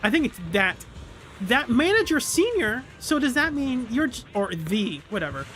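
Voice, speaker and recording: A streamer voicing a peppy young female idol in a game, bouncy and excitable, over quiet music. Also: mid-range voice, moderate pace, voice pushed up. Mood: eager. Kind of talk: voicing game dialogue aloud.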